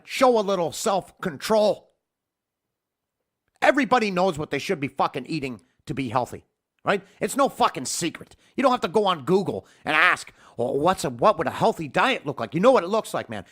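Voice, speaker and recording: A man's voice: high voice, fairly bright tone. A man hosting a podcast, delivering a heated, profane rant. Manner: profane, heated, emphatic ranting. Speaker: podcast host. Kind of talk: ranting podcast monologue. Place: home podcast studio.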